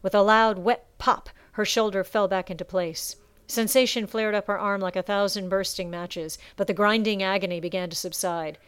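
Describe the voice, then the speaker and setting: A woman narrates a dramatic story in a measured, expressive way. Her voice is smooth and resonant, recorded close and dry with no room sound. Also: mid-range voice, dry recording. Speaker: audiobook narrator. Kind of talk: scripted narration.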